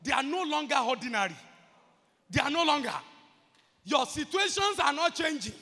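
A man's voice: very high-pitched, expressive, normal speed, sharp tone, in a large hall. A man preaching a sermon as pastor, impassioned and repetitive.

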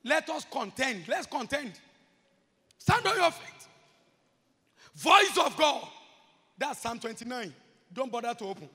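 Pastor preaching, real high gravelly voice, slow drawl, big echoey church hall. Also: male voice, very animated. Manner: preaching, swinging from murmured asides to shouted chants. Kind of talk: sermon.

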